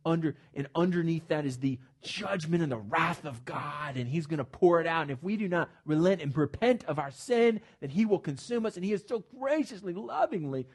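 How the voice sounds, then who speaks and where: A pastor delivers an emphatic sermon in a church sanctuary, his voice sitting a little higher than most men's. He stays animated throughout, drops joking asides, and often repeats a word as he starts a new thought. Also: brisk, hardly any pauses. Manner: repeats words when starting phrases.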